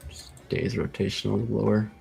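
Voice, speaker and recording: Gravelly man calling live trades. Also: lowish voice, moderate pace, faint music behind. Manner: excitable, swearing, calls out trade orders. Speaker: day trading streamer. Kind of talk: live trading commentary. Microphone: headset over voice chat.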